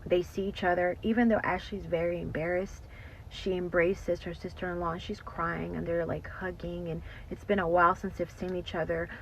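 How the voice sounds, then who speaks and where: A woman telling a story in a casual, animated way, full of "like" and "you know". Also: fairly low pitch, normal speed, a little hiss or hum, low-quality recording. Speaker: storytime host.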